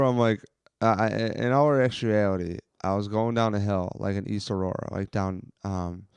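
A man's voice: lowish voice, steady tone, normal speed, darkish tone, clean tone, no room sound. A man telling a long, profane, rambling story on a casual podcast, from Western New York. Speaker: podcast co-host.

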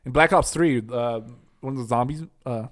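A man in casual podcast banter, relaxed and jokey with plenty of swearing. His voice sits at an ordinary middle pitch for a man. He sounds easygoing as he summarizes stories for his friends. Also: normal speed. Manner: laid-back, profane, joking. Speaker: podcast co-host. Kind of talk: casual chat.

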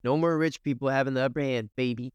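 A man's voice: medium pitch, steady tone, fast talker, clean tone, no echo, lo-fi sound. A man co-hosting a comedy podcast, reading items from a list aloud and laughing along. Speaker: podcast co-host. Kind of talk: casual comedic chat.

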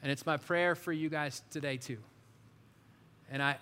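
A man preaching a sermon as a pastor, animated and shifting from loud bursts to hushed, prayerful passages. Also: fairly high pitch, moderate pace, pauses often, clear, resonant tone, big-room sound.

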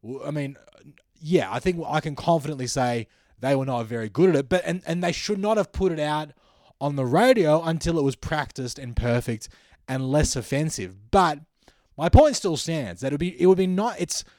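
A man's voice: a little high, expressive, moderate pace, a little mellow, dry recording, clean studio sound. An Australian man, a comedian hosting his podcast, talking through a wry, musing monologue and correcting himself as he thinks aloud. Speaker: comedian host.

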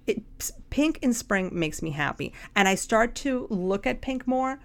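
A woman co-hosting a podcast, chatting casually and telling animated stories. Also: mid-range voice, measured pace. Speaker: podcast co-host. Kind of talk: casual chat.

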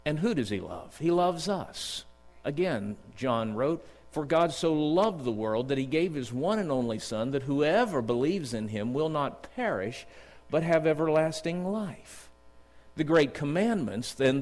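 A middle-aged man preaching a sermon in a church, earnest and storytelling, slowing down to read scripture. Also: fairly high pitch. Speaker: district superintendent preaching. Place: church sanctuary. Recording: long church reverb.

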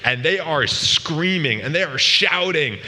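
A man's voice: on the high side, lively intonation, measured pace, pushed and bright. Man preaching casually in a reverberant hall. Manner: casual and joking, asks the room questions often. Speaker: youth pastor. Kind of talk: sermon to a youth group. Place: large room with a live audience.

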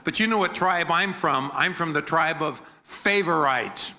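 In a church hall, the older American guest preacher speaks unhurriedly in a fairly high, pushed and bright voice. His energetic sermon is playful and joking, with the congregation answering his call-and-response chants.

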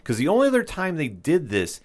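A man co-hosting a podcast, explaining a TV episode in a measured, casual way. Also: a little high, wildly swooping pitch. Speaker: podcast co-host. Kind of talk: casual TV recap discussion.

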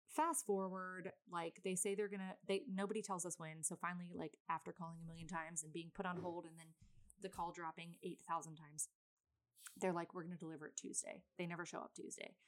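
A woman's voice: lowish voice, little pitch movement, brisk. A woman in her thirties hosting a podcast, telling a rambling, exasperated story in casual chat with lots of fillers. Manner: chatty, rambling, exasperated venting with many fillers. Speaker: podcast host.

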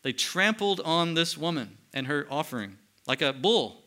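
A male pastor preaching a sermon in an earnest tone, slowing down and dropping quiet for emphasis. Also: a little high, big pitch swings.

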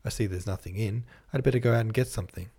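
A man's voice: fairly low pitch, quick pace, gravelly, warm tone, slightly rough. A man voicing a weary, humble young working-class woman who speaks plainly and self-effacingly.

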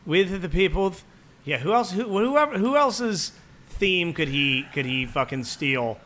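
Bright-voiced joking podcast guy. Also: fairly high pitch, animated, unhurried. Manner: joking, profane, mock-announcer riffs. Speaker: podcast co-host. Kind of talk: crude comedic banter.

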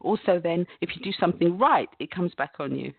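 A British woman co-hosts a live show, teasing her partner and laughing freely. Her pitch swings up and down. The sound is dry and tinny, like a phone line. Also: lively intonation, fairly quick, creaky, husky, no room sound. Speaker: co-host. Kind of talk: live online talk show.

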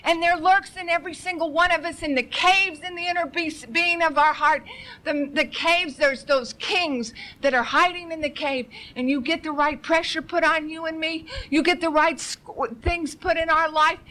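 Woman preacher, fervent and pleading, high bright tone, repeats for emphasis. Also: steady tone, moderate pace, rough recording. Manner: urgent, fervent, rhetorical questions. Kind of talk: impassioned sermon.

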